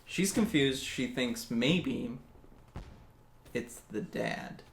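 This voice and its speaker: Gravelly, slow-talking male storyteller. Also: medium pitch, animated. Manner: jokey, laughs at his own asides. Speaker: storyteller host. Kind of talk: casual storytelling. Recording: echoey room, faint hiss.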